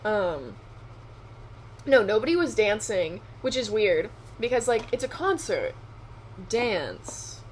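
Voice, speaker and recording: A young adult woman co-hosting a podcast, chatting casually with quick asides and frequent laughter. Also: medium pitch, very animated, slight background noise. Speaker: podcast co-host. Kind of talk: casual chat.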